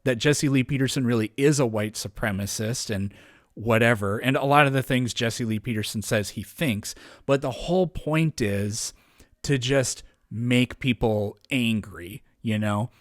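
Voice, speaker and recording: In a laid-back podcast conversation, a man appears as a guest, talking at a middle pitch and meandering toward his point. He fills in gaps, restarts a lot and laughs frequently, all captured in a dry, close recording with little room sound.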